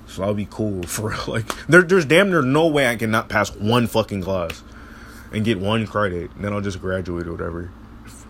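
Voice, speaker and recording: A man's voice: fairly low pitch, a bit bright, a little hiss or hum. A teenage boy ranting in frustration, swearing constantly and rambling with many restarts. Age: teens. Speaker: high school student venting. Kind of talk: casual rant.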